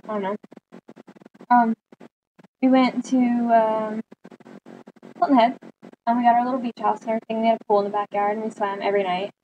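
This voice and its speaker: A woman's voice: on the high side, level tone, brisk, long pauses, phone-quality sound, slight background noise. A teenage girl vlogger chatting casually, telling a long story and animatedly acting out what friends said. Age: teens.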